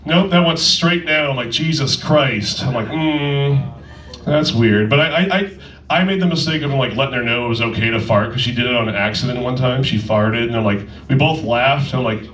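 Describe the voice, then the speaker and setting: A man's voice: medium pitch, fast talker, fairly bright tone, echoey room, recorded from a distance, low-quality recording. A man doing a stand-up set in a comedy club, with a crude, rambling, self-interrupting delivery.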